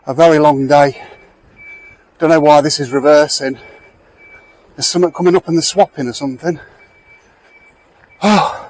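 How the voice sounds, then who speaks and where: A man's voice: fairly high pitch, fairly even intonation, fairly quick, pauses often, darkish tone, poor audio. A middle-aged man chatting casually to viewers while walking outdoors, talking into a handheld camera. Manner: chatty, rambling, addresses viewers directly. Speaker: vlogger. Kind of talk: casual walk-and-talk vlog. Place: outdoors in a back lane near a fire.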